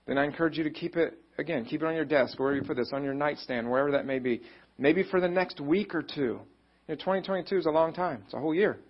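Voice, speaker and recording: A man's voice: on the high side, fast talker, lo-fi sound. A man pastor giving a conversational, encouraging sermon, often acting out what people think and say. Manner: conversational, encouraging, acts out quoted thoughts.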